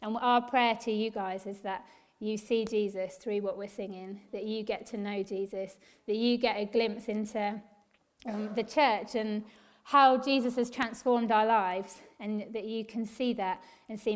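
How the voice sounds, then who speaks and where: A woman worship leader giving an eager, encouraging church talk to a congregation, quick and laughing often. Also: mid-range voice, steady tone.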